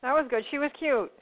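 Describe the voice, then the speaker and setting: Excited lady co-host, highish voice, tinny phone sound. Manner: enthusiastic, laughing along. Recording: phone-like narrow band.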